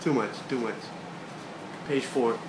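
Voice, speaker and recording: A man's voice: medium pitch, measured pace. Man casually reading a comic aloud. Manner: laughs often, swears casually. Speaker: comic read-along host. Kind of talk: casual manga read-along. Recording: echoey room with background noise.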